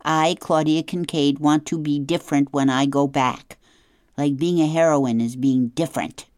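A woman's voice: low voice, steady tone, normal speed, darkish tone, no echo, clean studio sound, pitched above the performer's own voice, natural voice. A woman voicing a dramatic young girl runaway who is fussy about grammar, speaking in an earnest, whiny way. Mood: insistent.

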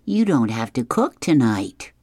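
A man's voice: medium pitch, sing-song, measured pace, darkish tone, no room sound, studio quality. A man voicing a lazy, smug male cartoon cat who is pleased with himself, read from a comic strip.

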